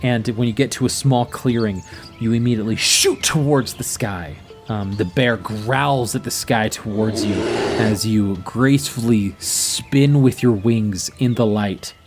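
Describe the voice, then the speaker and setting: A man's voice: lowish voice, unhurried, over music. A man narrating as game master of a tabletop game, playful and vivid.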